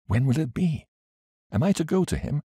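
Male reader playing an earnest young heroine; lifted pitch, warm, dry studio read. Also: big pitch swings, normal speed, slightly rough, no room sound, exaggerated voice. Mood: pleading. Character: earnest young woman, eager and pleading.

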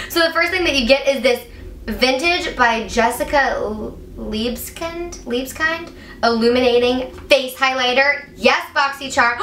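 Gushing woman beauty vlogger, bright voice. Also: high voice, expressive, unhurried. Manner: gushing, gasping, breathless enthusiasm. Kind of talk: excited unboxing chat. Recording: echoey room, mic at a distance, faint hiss.

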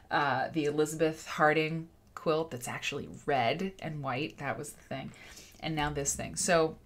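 A woman's voice: deep voice, a bit bright. A woman hosting a livestream in casual, rambling chat, laughing often. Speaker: show host.

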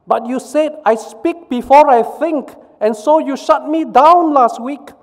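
Man doing a sulky whiny mouth, very high put-on voice, indignant, echoing hall. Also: a little slow. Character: sulky talkative mouth that was silenced.

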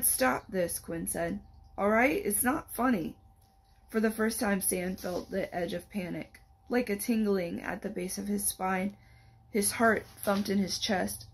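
A library staff member reads aloud the first chapter of a young adult novel, keeping a steady storytelling rhythm. Her mid-range voice is creaky with a breathy edge.

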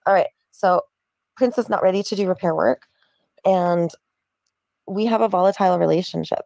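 A woman setting boundaries over the phone in a firm, measured, lecturing tone. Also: fairly low pitch, vocal fry, darkish tone, no room sound, studio quality. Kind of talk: calm therapy-speak argument.

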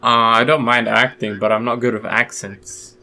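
A man's voice: medium pitch, level tone, normal speed, sharp tone. A young man chatting with friends, musing with dry humor. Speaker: co-host friend. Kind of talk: casual group chat.

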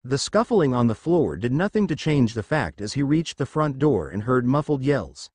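Lively male fan-fiction narrator. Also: mid-range voice, moderate pace, dry recording.

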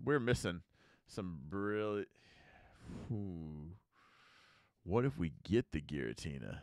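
A man's voice: low-pitched, expressive, slow, darkish tone, smooth, dry recording, studio quality. An American man hosting a casual card-opening video, chatting and muttering card names as he opens packs. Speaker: YouTube card-opening host. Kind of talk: casual pack-opening commentary.

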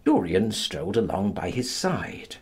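Raspy, slow, dramatic male narrator. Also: low-pitched. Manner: dramatic, expressive reading. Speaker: audiobook narrator. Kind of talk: audiobook reading of a classic novel.

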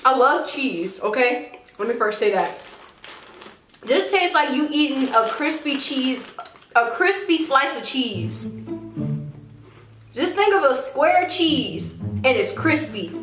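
Lively high-voiced woman vlogging. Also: slow, pauses often, reverberant, faint music behind. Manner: animated, exclaiming and laughing. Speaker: co-host of a couple's challenge channel. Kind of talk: casual challenge vlog chat.

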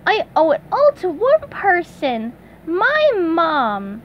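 A woman's voice: extremely high pitch, very animated, takes it slowly, lo-fi sound, a little hiss or hum, pitched above the performer's own voice, full character voice. A woman voicing a cheerful, eager male cartoon sea sponge in a storybook reading, with a bubbly, gushing manner.

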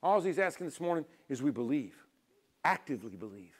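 A middle-aged male pastor preaching a sermon in a fairly high voice. He urges loudly, then drops into quiet, almost whispered lines. He acts out little dialogues with God and people as he goes. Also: very animated, fairly quick, husky. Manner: swings from loud urging to quiet near-whispers.

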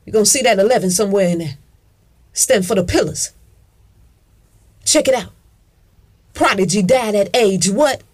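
This woman, a video commentator, delivers a casual ranting monologue straight to her viewers, emphatic and profane, repeating herself, calling them "honey" and answering her own questions. Her mid-range voice is a little mellow, moving at normal speed with long pauses.

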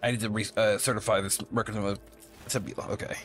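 A man's voice: fairly low pitch, little pitch movement, fast, fairly bright tone, faint music behind. A man commentating casually over a game he is playing, rambling and thinking aloud. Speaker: gameplay streamer.

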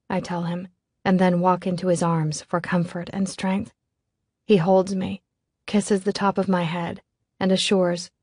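A woman's voice: on the low side, level tone, unhurried, darkish tone, dry recording, studio quality. A woman reading a novel aloud in scripted first-person narration, in a tense, controlled way. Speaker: audiobook narrator.

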